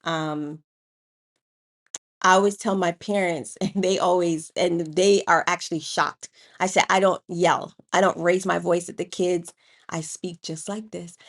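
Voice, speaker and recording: Low-voiced woman podcast host. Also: measured pace. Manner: storytelling, grows animated and loud when arguing. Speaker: co-host and educator. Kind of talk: casual podcast chat.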